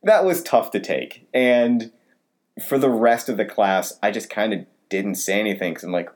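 A man co-hosting a podcast, telling a personal story in casual, animated chat. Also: moderate pace. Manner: animated storytelling with wide pitch swings. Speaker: podcast co-host.

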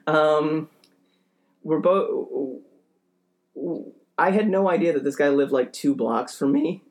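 Man, young adult, gravelly voice, rambling storyteller, hesitant, lots of fillers, casual comedy podcast. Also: fairly high pitch, slow. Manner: rambling, hesitant, filler-heavy, self-deprecating. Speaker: podcast co-host telling a story.

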